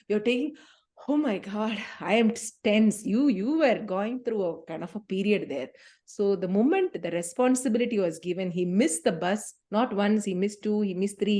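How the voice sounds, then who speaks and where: A middle-aged woman with an Indian English accent, facilitating a parenting talk and acting out scenes from family life. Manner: animated storytelling, acts out scenes with sharp pitch jumps.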